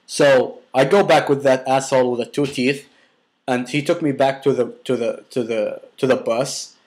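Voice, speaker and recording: A man's voice: medium pitch, fairly even intonation, normal speed, a little mellow. A young man casually telling a personal story, rambling with many restarts and filler words, and swearing bluntly.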